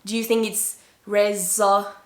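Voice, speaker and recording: A woman from France, a native French speaker, teaching an English lesson to learners, repeating key words slowly and deliberately. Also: fairly high pitch, a bit bright, echoey room.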